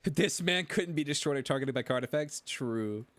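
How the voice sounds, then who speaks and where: A man's voice: on the high side, moderate pace, no echo. A male streamer telling a rambling story in casual chat, stammering and repeating himself as he goes.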